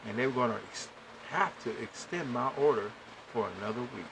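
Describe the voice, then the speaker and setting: A man's voice: medium pitch, fairly quick, creaky, background noise. A man hosting a podcast, telling a long story in a casual, exasperated way and speaking straight to his listeners. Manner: animated, exasperated, addresses listeners directly. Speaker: podcast host.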